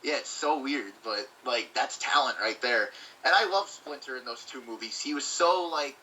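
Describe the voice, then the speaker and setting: A man's voice: medium pitch, moderate pace, bright, forceful tone, distant mic, rough recording. A man co-hosting a casual movie-review chat, swearing freely and acting out quotes. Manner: swears freely, acts out quotes in funny voices. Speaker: co-host.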